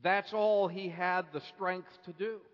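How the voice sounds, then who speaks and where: Male preacher, slow measured sermon delivery, hushed to impassioned, echoing church hall. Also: sits high, steady tone. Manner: builds from hushed to impassioned, slow deliberate phrasing. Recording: dull lo-fi recording with long hall reverb.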